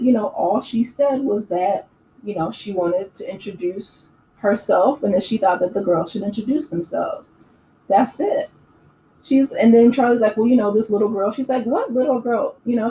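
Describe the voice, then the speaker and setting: Woman, casual opinionated recap chat, fillers, mellow tone, faint room noise. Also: medium pitch, roomy sound, rough recording. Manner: chatty and opinionated, many fillers like "you know" and "um". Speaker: YouTube recap host. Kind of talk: casual reality-TV recap commentary.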